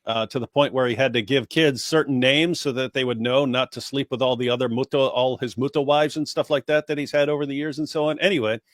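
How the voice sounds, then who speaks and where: A man's voice: mid-range voice, steady tone, fast, few pauses, no echo, studio quality. A man co-hosting a casual stream, rambling with many fillers and restarts. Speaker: co-host.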